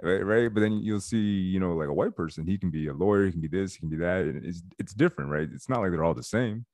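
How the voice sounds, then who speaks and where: A man hosting a podcast, talking in a relaxed, agreeable way. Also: sits low, fast talker, dry recording, clean studio sound. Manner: relaxed, agreeable, laughs along. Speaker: podcast host. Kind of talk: casual podcast conversation.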